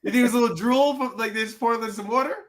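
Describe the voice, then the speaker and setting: A man's voice: very high-pitched, racing. A man co-hosting a podcast in casual chat, teasing and playful, often restarting his sentences. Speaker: podcast co-host.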